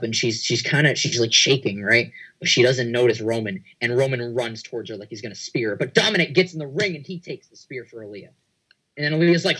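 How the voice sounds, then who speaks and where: A man on a casual podcast, telling a long scenario in excited play-by-play. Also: mid-range voice, breathy edge, poor audio. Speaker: podcast panelist.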